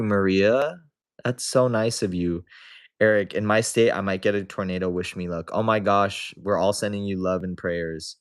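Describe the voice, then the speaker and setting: A young man with a deep, low voice hosts a casual livestream. He reads viewer comments aloud and answers them in a relaxed, chatty way. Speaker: livestream host.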